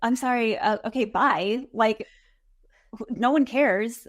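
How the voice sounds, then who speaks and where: A woman's voice: on the high side, takes it slowly, no room sound, clean studio sound. A woman co-hosting a casual recap podcast, exasperated, acting out quotes as she retells scenes. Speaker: podcast co-host.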